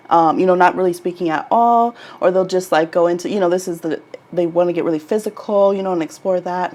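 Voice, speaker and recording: A woman's voice: lowish voice, darkish tone. A young woman hosting a casual live stream from home, chatting with viewers and talking to her toddler between readings. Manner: chatty, laughs often, coos to her toddler. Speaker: tarot reader and live stream host.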